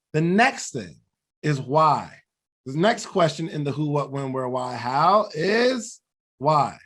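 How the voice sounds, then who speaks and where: A man co-hosting a podcast, talking through goals in an earnest, reflective way and laughing at himself now and then. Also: fairly high pitch. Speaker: podcast co-host. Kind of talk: motivational talk.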